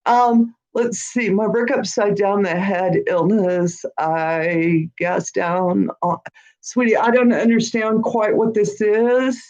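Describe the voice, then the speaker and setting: A woman's voice: medium pitch, steady tone, slow pace, darkish tone, rough recording. A woman hosting a live-stream Q&A who reads out viewer comments and talks in a chatty, encouraging way, often checking in with "all right?". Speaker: host of a witchcraft channel.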